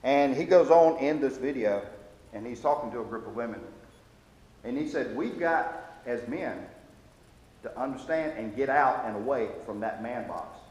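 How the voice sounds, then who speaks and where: Teaching Sunday school, a man speaks earnestly in a slightly mellow voice of ordinary male pitch. He trips over words and restarts, then pushes his point, growing emphatic when he quotes. The big church hall echoes around him, with a faint hiss beneath.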